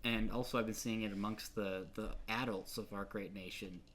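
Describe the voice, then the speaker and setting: A man's voice: on the low side, steady tone, normal speed, fairly bright tone, a little hiss or hum. Rambling young man, casual podcast chat. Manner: rambling, swearing, laughing often. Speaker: podcast co-host.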